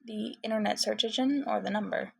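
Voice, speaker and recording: A woman voicing a shy, brainy young male mutant turtle in a fan fiction reading, talking softly and modestly with hesitant pauses. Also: mid-range voice, creaky, husky, no room sound. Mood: shy, gentle.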